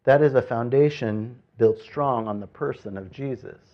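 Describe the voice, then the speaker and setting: A man preaching a sermon as pastor, talking in a conversational way that swings from loud, stressed points to quiet, reflective asides. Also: medium pitch, moderate pace, highs cut off.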